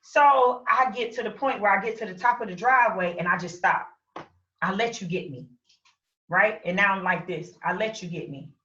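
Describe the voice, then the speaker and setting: A woman recounts her story in an animated way, acting out what she shouted. Her voice is bright and forceful. She sounds distant in a roomy space, on a dull lo-fi recording. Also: medium pitch, moderate pace. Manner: animated, acts out her own shouts and quotes. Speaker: interview guest. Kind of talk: personal story in an interview.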